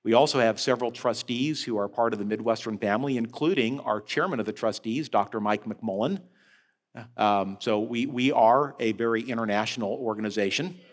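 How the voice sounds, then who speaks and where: A man preaching a sermon as head of a senior-care ministry, telling a story with animated rises and falls. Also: medium pitch, brisk. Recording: long hall reverb.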